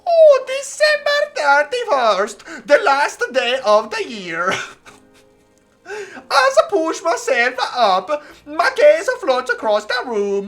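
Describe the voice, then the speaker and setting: Streamer putting on a gruff sea-captain narrator. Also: high voice, pitched above the performer's own voice, exaggerated voice. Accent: put-on Scottish-tinged pirate. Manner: loud, slow, dramatic storybook reading. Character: young male game hero, in a rough old sea-captain voice. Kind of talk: reading game text aloud in a put-on voice.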